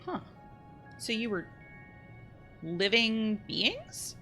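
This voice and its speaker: A woman's voice: a little high, wildly swooping pitch, extremely slow, sharp tone, soft background music. A young woman playing a story game, reading the dialogue aloud and adding emotional, chatty asides. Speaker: let's play gamer.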